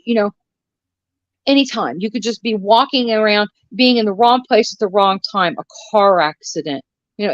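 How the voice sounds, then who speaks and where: A woman's voice: medium pitch, dry recording. Sixties woman, live-stream co-host, blunt and sarcastic, muffled dry audio. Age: 60s. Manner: blunt and profane, ranting with sarcasm. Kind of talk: casual live-stream chat.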